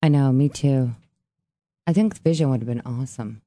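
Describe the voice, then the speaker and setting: A woman's voice: extremely low pitch, a little fast, mellow, no echo, studio quality. A woman co-hosting a radio show, playful and teasing, often asking questions. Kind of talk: casual morning radio chat.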